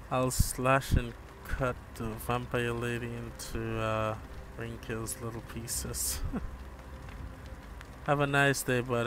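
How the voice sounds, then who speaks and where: Guy doing a laid-back game stream, talks slow, says bro a lot, faint noise. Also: medium pitch, a bit bright. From Jamaica. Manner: laid-back, chats with viewers, calls them bro. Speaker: gaming streamer. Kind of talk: live gameplay commentary.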